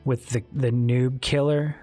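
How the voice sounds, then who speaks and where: A man chatting loosely with viewers on a live stream, his pitch sitting in an ordinary middle range. He rambles from one thought to the next in a candid tone and swears casually. Soft music plays faintly underneath. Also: steady tone, unhurried. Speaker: streamer talking with chat.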